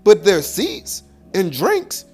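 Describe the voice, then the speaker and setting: A comic storyteller spins a slangy tale at a mid pitch, voicing each person who turns up. Faint music sits under the telling. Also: wildly swooping pitch, slow, a little mellow, husky. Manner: slangy, acts out every voice in the story. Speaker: comedian.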